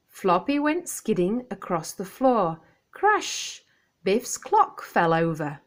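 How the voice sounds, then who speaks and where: Reading slowly and without hurry, a female storyteller shares a picture book with young children. Her voice is clear and expressive, swinging up and down with a lively lilt.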